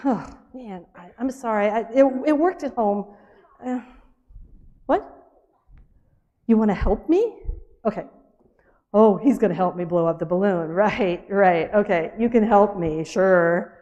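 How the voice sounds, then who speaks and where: A woman telling a playful children's story with a puppet at a church service, animated and laughing as she coaxes and scolds. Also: mid-range voice, a little slow, long pauses, lo-fi sound.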